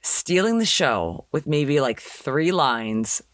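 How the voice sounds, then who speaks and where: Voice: mid-range voice, big pitch swings, slow, fairly bright tone, a little hiss or hum. A young adult podcast host recapping a TV episode in a chatty way with sarcastic asides.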